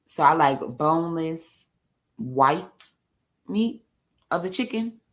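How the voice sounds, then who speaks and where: A woman with a New York accent, talking on a casual panel in a blunt, profane, laughing way. Her voice sits a little low for a woman. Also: expressive, takes it slowly.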